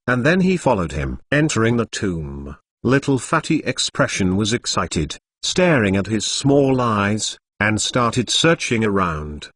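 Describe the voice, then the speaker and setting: A man's voice: medium pitch, fairly bright tone, no echo. A man's synthetic text-to-speech voice reading a novel as scripted narration.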